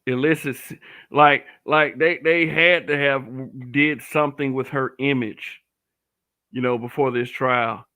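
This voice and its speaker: A man's voice: medium pitch, steady tone, unhurried, pushed and bright, smooth. A man giving blunt, profane commentary, often restarting and stammering over his words. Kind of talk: casual commentary to camera.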